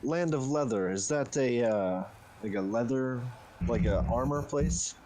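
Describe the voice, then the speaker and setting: A man's voice: medium pitch, unhurried, crowd noise. A man playing a tabletop game, chatting casually and asking hesitant questions. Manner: hesitant, many uhs while asking questions. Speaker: player. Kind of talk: casual tabletop play chat.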